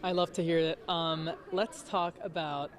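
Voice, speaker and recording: A woman's voice: sits low, steady tone, unhurried, a crowd in the background. A woman entertainment reporter asking questions in a friendly, chatty way. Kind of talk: interview questions.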